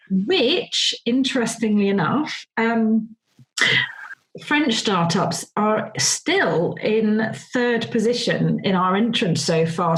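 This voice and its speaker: A woman's voice: fairly high pitch, poor audio. A woman hosting a podcast interview in a chatty, rambling way, with fillers and frequent laughter. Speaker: podcast host. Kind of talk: casual podcast chat.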